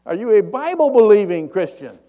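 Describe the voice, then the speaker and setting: A preacher voicing a zealous male Baptist pastor who yells questions upward, in a joke. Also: high voice, big pitch swings, brisk, lo-fi sound, pitched above the performer's own voice. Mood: eager yelling. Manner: yelling, eager interrogating.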